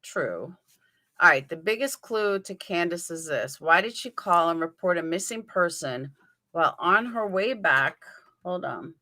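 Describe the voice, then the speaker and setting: A woman's voice: fairly low pitch, lively intonation, unhurried, bright, forceful tone. A woman with a New York accent hosting a livestream, chatting casually and answering her viewers' comments by name as she thinks aloud. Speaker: livestream host. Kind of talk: live chat commentary.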